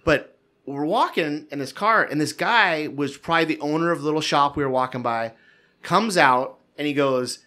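A man co-hosting a relaxed podcast, telling stories in a bright, fairly high voice. His delivery wanders, with restarts and little chuckles as he recounts things. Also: moderate pace. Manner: rambling storyteller, frequent restarts and chuckles. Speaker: podcast co-host. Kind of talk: casual chat.

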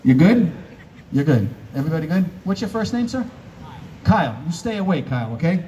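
A man's voice: on the high side, very animated, fairly quick, mellow, lo-fi sound, slight background noise. A man performing as a stage hypnotist, giving playful commands to volunteers and laughing often. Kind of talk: live stage show patter. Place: live theater stage. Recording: distant live stage sound.

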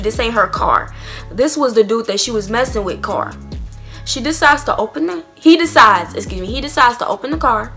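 A young woman tells a story in a high, bright voice. She is animated and swears freely, with faint music under her. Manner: animated, profane, acts out quotes. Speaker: vlogger. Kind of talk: casual storytime.

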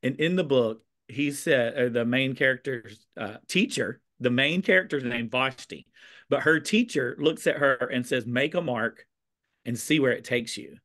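A man from the American South with a Southern accent, chatting over a video call about teaching, expressive with a little sass. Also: mid-range voice, moderate pace. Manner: expressive, a bit sassy, warm storytelling. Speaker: teacher and conversation host. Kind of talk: casual video chat.

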